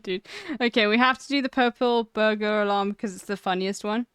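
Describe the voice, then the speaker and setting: A young woman streamer chatting casually and excitedly as she reacts to clips, laughing often and swearing. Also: mid-range voice, brisk, smooth, no echo.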